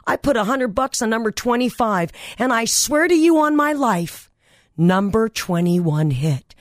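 A woman's voice: on the high side, no room sound, studio quality. A woman hosting a radio talk show, telling stories in a chatty, enthusiastic way. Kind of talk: casual radio monologue.

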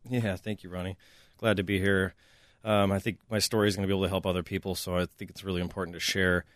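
A man who is a guest on a radio show speaks in a deep, even voice. He sounds earnest and plain-spoken. The line sounds distant and dry. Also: fast, dry recording. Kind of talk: radio interview.

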